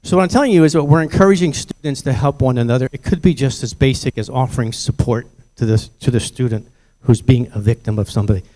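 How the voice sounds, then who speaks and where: An older man talks with parents about preventing bullying, sharing stories from his own life and acting out the voices in them. His medium-pitched voice has a dark tone, and he speaks quickly with few pauses.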